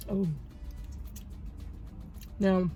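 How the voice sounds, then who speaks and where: A woman in her thirties chatting casually in a vlog, telling a story with animated and grateful talk. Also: very slow, lo-fi sound, faint music behind. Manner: animated storytelling, praises God. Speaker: vlogger. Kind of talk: casual chat.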